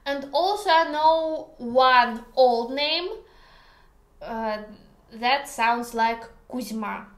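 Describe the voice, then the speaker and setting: Russian woman, native speaker, teaching in her kitchen; high, slow, playful, echoey room. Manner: slow, careful, hesitant English with many pauses; playful, joking. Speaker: language teacher. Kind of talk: casual video lesson. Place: home kitchen.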